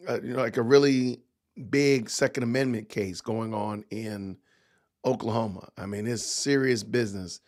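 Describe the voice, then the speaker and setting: A middle-aged man hosting a podcast livestream, rambling in casual commentary and talking straight to his chat. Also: mid-range voice. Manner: rambling, talks to chat directly. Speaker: podcast host reacting to news clips.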